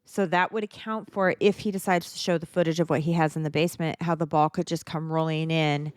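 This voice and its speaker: A woman co-hosting a podcast, reacting quickly and excitedly in a casual watch-party chat. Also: deep voice, clear, resonant tone, no room sound, studio quality. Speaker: podcast co-host.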